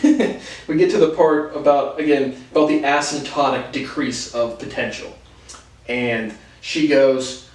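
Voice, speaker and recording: A man's voice: medium pitch, far from the mic. A young man telling college stories in a casual monologue, profane and sardonic, laughing between lines. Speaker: host. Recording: roomy echo, voice off-mic, faint noise.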